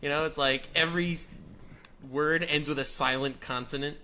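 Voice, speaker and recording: Podcast guest, man from Quebec, bright edgy voice, emphatic and ranting, faint noise behind. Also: fairly high pitch, fairly even intonation, moderate pace. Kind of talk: casual chat.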